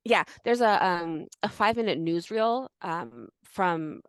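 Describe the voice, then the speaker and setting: A woman's voice: lowish voice, animated, measured pace, smooth, no room sound, low-quality recording. A woman co-hosting a history podcast, telling a story in a loose, chatty way with lots of "like" and restarts. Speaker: podcast co-host. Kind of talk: casual history chat.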